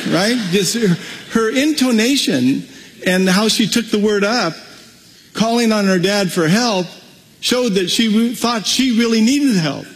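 A male preacher with a slightly high, husky voice, delivering an animated sermon full of storytelling. His words ring out in a long-reverb hall. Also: measured pace.

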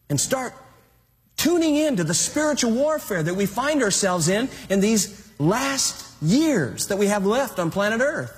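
Male pastor, sermon, animated storytelling, high voice, very lively pitch, long hall reverb. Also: moderate pace.

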